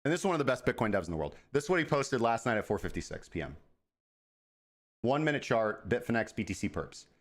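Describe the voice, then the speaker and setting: A man's voice: medium pitch, very animated, quick pace. A man hosting a crypto trading show, talking casually in a rambling, profane, self-mocking way. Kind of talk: casual market commentary.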